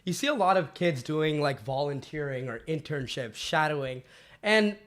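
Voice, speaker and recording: A man's voice: fairly high pitch, animated, normal speed, a bit bright. A teenage boy hosting a student podcast, asking questions in a hesitant, filler-heavy way. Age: teens. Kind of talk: casual podcast chat.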